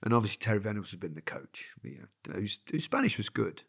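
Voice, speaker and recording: Gravelly-voiced older English former footballer. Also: male voice, fairly low pitch, sing-song, quick pace. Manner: rambling anecdotal storytelling with laughs. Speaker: podcast host, former footballer. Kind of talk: casual chat.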